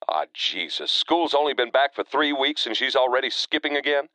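A man's voice: medium pitch, very animated, moderate pace, sharp tone, no echo, pitched above the performer's own voice. Man doing an urgent, barking husband. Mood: irritated. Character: alarmed husband on the phone, middle-aged.

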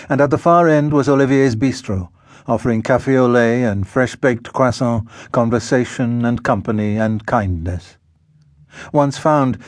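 Measured male audiobook narrator, dry studio sound. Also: mid-range voice, no room sound. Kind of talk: scripted narration. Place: recording studio.

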